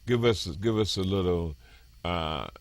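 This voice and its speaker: Deep-voiced halting male interviewer. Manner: halting, searching for words. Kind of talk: interview conversation.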